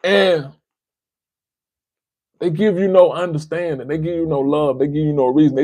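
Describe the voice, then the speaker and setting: A man's voice: fairly high pitch, fairly quick, darkish tone, no echo, low-quality recording. A man from the United States hosting a livestream, giving impassioned commentary, repeating phrases for emphasis and speaking to a listener by name. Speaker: livestream host.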